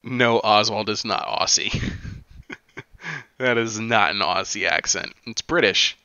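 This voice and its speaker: A man's voice: lowish voice, slow pace, pushed and bright, smooth, dry recording, muffled recording. A man streaming a video game, making sarcastic, joking commentary and laughing often. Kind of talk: gameplay commentary.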